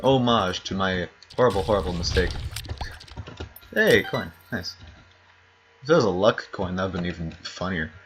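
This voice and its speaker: A man's voice: low-pitched, moderate pace, long pauses, a bit bright, slight background noise. A man casually commenting on his game play, rambling and correcting himself as he goes. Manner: rambling, self-correcting, chuckling asides. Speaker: gaming channel host.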